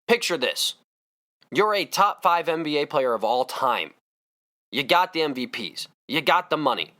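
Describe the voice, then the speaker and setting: Male podcast host, emphatic sports rant, bright tone, animated delivery. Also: fairly high pitch, moderate pace. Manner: fired-up, emphatic ranting.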